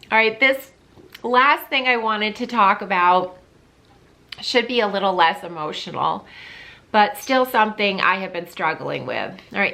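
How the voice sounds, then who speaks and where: A woman in her fifties talking candidly to camera in a personal vlog, heartfelt and halting, with frequent pauses and restarts. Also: mid-range voice, animated, gravelly, pushed and bright. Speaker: vlogger.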